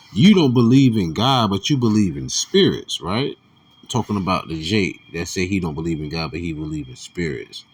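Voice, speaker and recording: A man giving casual religious commentary, reading scripture aloud with slang and quiet muttered asides. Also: on the low side, breathy edge.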